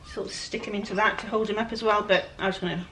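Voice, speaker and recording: A woman with a Welsh lilt chats away to her viewers as she works, joking about her own laziness. Her voice sits in an ordinary middle range. A steady hiss of background noise runs under the outdoor recording. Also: medium pitch, fast talker, low-quality recording. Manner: chatty, self-deprecating, talks to viewers while working. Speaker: furniture flipper. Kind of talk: casual DIY vlog narration. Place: outdoor work area with flies.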